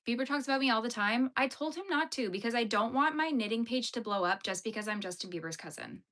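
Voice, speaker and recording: A quick-paced, fairly high voice with a bit of brightness belongs to this far-north Canadian from Yellowknife, who hosts a knitting livestream. She's chatty with her viewers, responding to their comments, laughing easily and filling gaps with "like."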